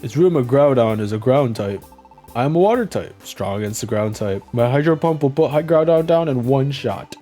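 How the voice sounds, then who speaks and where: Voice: medium pitch, expressive, moderate pace, dark tone, faint music behind, natural voice. A streamer voicing a bragging water-type turtle fighter from a game script. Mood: boastful. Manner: confident bragging.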